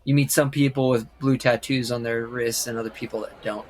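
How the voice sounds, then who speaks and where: A man running a tabletop game as game master, narrating hesitantly with many pauses and fillers. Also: medium pitch, steady tone.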